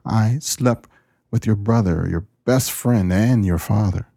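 A man voicing a frail dying woman in a told joke, speaking weakly and hushed. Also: on the low side, slow, no room sound, studio quality, full character voice. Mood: faint confessing. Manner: weak, breathy, hushed.

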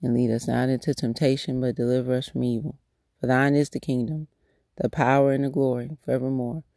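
Fairly quick and mellow, this man's mid-range voice carries vocal fry and stays fairly level in pitch. Hosting a devotional podcast, he prays in repeated rhythms and chats informally with restarts, recorded cleanly in a studio with no echo.

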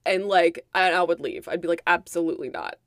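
A woman's voice: on the low side, a little fast, dry recording, studio quality. A young adult woman co-hosting a podcast, recapping a movie in casual chat with lots of swearing and acted-out quotes. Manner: animated, profane storytelling with acted-out quotes. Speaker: podcast co-host.

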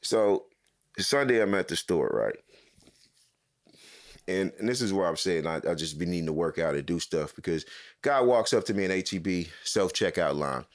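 A man's voice: low voice, normal speed. A man in casual podcast chat. He tells stories with lots of swearing, repeats himself and restarts his sentences. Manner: animated storyteller, swears freely, repeats and restarts.

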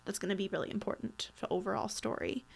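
A woman co-hosts a podcast, chatting casually about a TV episode. Her mid-pitched voice has a creaky edge. She leans on "like" a lot and acts out quoted lines as she goes. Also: fairly even intonation, quick pace. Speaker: podcast co-host. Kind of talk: casual recap chat.

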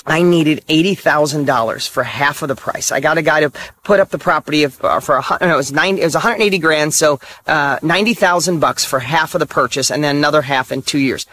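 A motivational speaker, a middle-aged man whose voice sits notably high for a man, drives his points home in short hammered phrases. He talks bluntly and candidly, letting a mild curse slip now and then. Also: a bit bright. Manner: emphatic, punchy repeated short statements. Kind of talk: motivational monologue.

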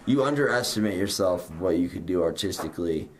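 A man's voice: deep voice, animated, a little fast, slight background noise. A young man hosting a casual podcast, talking loosely with lots of fillers. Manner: rambling, loose, many "like" fillers. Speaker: podcast host. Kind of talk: casual chat.

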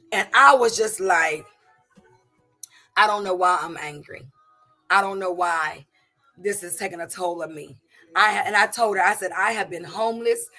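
A middle-aged woman giving a personal testimony to a congregation, in an emotional, halting way with many restarts and repeated words. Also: mid-range voice, bright, forceful tone. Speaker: church member giving testimony.

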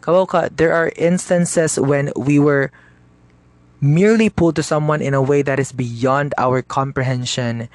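Chatty Cebuano-accented man, slightly high voice. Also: no room sound. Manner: chatty, mixing Cebuano into English, addresses listeners directly. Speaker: podcast host. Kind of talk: casual podcast monologue.

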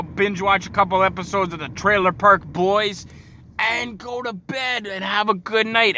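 A tired young man rants furiously and swears through a comic tirade, recorded in his car at night. His voice sits high and comes out bright and sharp. Faint road noise hums behind him. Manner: profane, exasperated ranting. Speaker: podcast host. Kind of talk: angry comic rant.

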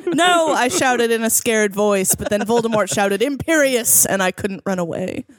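Podcast host, woman, mid-pitched, dry close recording, reads with comic mock-drama. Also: moderate pace, dry recording. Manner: laughing, mock-dramatic reading. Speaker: podcast producer reading a fanfic aloud. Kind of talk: casual podcast chat with dramatic reading.

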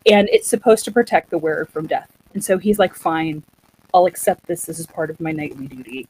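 A woman casually retelling a story in a chatty, animated way, acting out what the characters say. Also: low voice, a little fast, breathy edge, rough recording. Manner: chatty, animated, acts out quotes.

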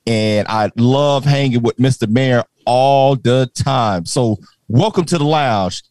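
A man hosting a podcast, welcoming a guest and ribbing his co-host in quick banter. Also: mid-range voice, noisy background. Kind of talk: casual podcast chat.

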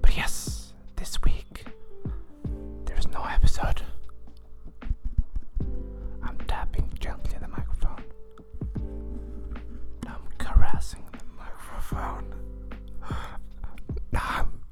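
A man's voice: slow, long pauses, over loud music. A man hosting a podcast, joking his way through a playful whispered role-play outdoors with the microphone right at his mouth. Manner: playful, giggly, self-mocking. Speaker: podcast host. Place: outdoors among birdsong. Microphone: close to the mouth.

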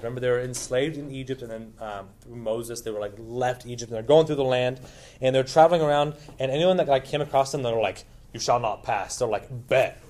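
A man's voice: medium pitch, a little mellow. A man teaching a Bible lesson in a casual, informal way, retelling a story with lots of asides and questions to his listeners.

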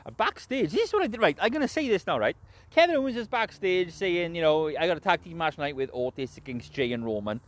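Mężczyzna z brytyjskim akcentem, który luźno i chaotycznie omawia wrestling, dużo przeklina i często się śmieje. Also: male voice, on the high side, big pitch swings, quick pace. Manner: heavy swearing, rambling, laughs often. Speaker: wrestling show reviewer. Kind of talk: casual spoken recap and opinion.

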